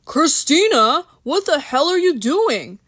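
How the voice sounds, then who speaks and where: A woman's voice: high voice, expressive, a little slow, dry recording, studio quality, pitched above the performer's own voice. Woman voicing an exasperated worried man. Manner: pleading, sputtering.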